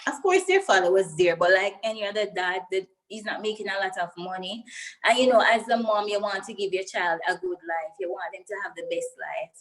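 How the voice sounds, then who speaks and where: A woman's voice: mid-range voice, a little fast, low-quality recording. A young woman with a Jamaican accent, a guest in an interview, earnestly telling her personal story and getting emotional as she goes.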